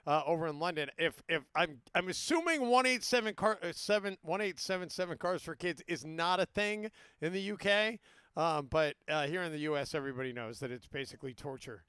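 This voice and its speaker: A man's voice: on the high side, brisk, pushed and bright, smooth, dry recording, studio quality. A man hosting a sports talk radio show in casual chat, rambling and restarting his sentences. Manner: rambling, self-interrupting, many restarts.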